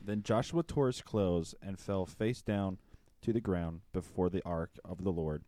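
A man in a study group reading a Bible passage aloud at a steady pace. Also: low-pitched, measured pace, no echo.

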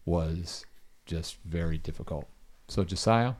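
A man's voice: low voice, a little slow, hardly any pauses, darkish tone. A middle-aged man leading a casual Bible study, telling a story and asking his listeners questions.

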